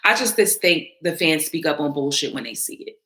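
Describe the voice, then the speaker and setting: Low-voiced, forceful woman commentator. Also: expressive, a little fast. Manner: blunt, emphatic, swears freely. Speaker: battle rap panelist responding to viewer comments. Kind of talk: candid casual commentary.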